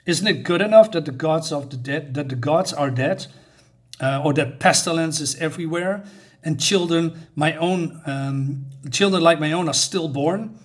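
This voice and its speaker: A bold, grieving village wife firing off indignant questions, read aloud by a man reviewing a comic. The voice is slightly raised in pitch and volume but stays close to his normal speaking voice. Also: normal speed, lightly acted. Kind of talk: reading comic dialogue aloud.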